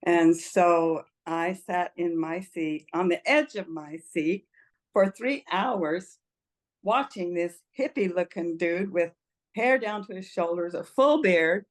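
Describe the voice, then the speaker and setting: Speaking slowly in a fairly low voice, an older woman recounts her life story while being interviewed. Her personal testimony is heartfelt and emotional, punctuated by frequent laughter.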